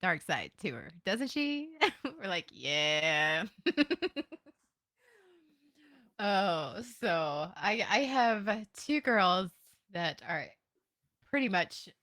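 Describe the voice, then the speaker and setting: A woman's voice: medium pitch, very animated, very slow, pauses often, a bit bright. A woman in her thirties chatting casually and giggling as a podcast co-host. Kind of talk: casual chat.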